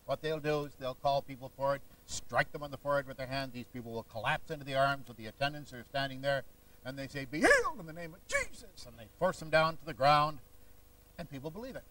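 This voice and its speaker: A man giving a lively public lecture as a stage conjurer, telling stories and doing impressions. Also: medium pitch, quick pace, recorded from a distance, poor audio. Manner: lively, theatrical storytelling with impressions. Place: lecture hall.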